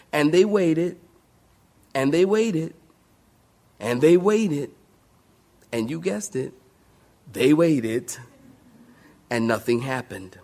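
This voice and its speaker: A man's voice: fairly high pitch, darkish tone. A male pastor preaching a sermon to a congregation, emphatic, calling out to the saints for responses.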